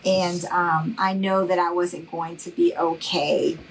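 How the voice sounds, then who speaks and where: A woman's voice: on the low side, fairly even intonation, slow, vocal fry, slight background noise, low-quality recording. A middle-aged woman, giving a live craft tutorial in a chatty, reassuring way and greeting viewers by name. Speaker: craft instructor.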